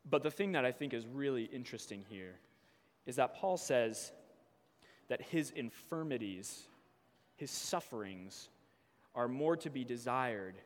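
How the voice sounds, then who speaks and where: A man delivers a sermon in a church, reading scripture at a measured pace before pressing his points with growing fervor. His voice sits at an ordinary pitch, and a long reverb trails each phrase through the hall. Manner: reads scripture slowly, then preaches with rising intensity. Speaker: preacher.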